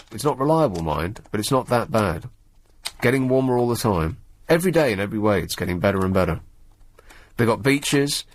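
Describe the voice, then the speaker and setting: A man's voice: medium pitch, no echo. A man hosting a radio phone-in in a studio, talking casually in a sardonic, mocking way. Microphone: studio microphone.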